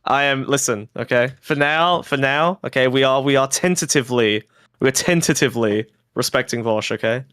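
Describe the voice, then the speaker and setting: A man's voice: mid-range voice, moderate pace, a bit bright, clean tone, dry recording, clean studio sound. A man from Britain, a podcast guest, chatting casually with jokes, swearing and mock-defensive repetition. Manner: joking, profane, mock-defensive, repeats himself. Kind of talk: casual chat.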